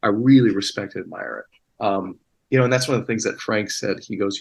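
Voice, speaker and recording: A man's voice: fairly low pitch, brisk, creaky, low-quality recording. A man talking as a guest actor in a casual interview, rambling with many restarts and fillers.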